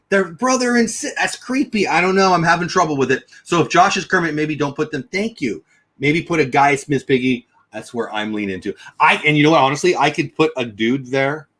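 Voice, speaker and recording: A man hosts a livestream, chatting loosely and thinking out loud as he reads comments and answers viewers in a rambling way. His voice is slightly husky and breathy, with pitch swinging widely and freely.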